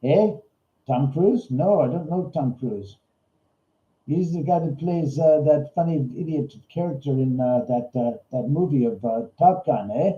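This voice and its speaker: A man's voice: a little high, measured pace, natural voice. A man voicing a goofy male Canadian ghost investigator with a put-on Canadian accent, joking and ending lines with "eh". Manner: jokey, ends lines with "eh", calls people hosers. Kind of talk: comic bit on a livestream. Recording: roomy, slightly dull livestream audio.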